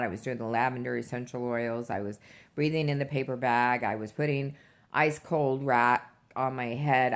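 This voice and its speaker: A middle-aged woman vlogger recounting a personal story in a halting way, with many fillers and restarts. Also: a bass voice.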